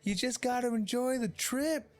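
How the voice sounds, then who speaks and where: A man's voice: very high voice, normal speed, darkish tone, faint music behind, pitched above the performer's own voice. A man voicing a brash, flippant male demon guide who talks crudely and with swagger. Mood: taunting.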